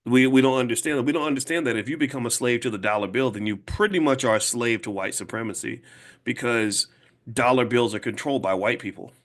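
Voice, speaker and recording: A man in his fifties speaking to a live audience as a finance educator, emphatic and casual, repeating points slowly to drive them home. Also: mid-range voice, fairly bright tone. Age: 50s. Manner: emphatic, slow and repetitive for emphasis; casual, conversational, direct address. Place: room with an audience.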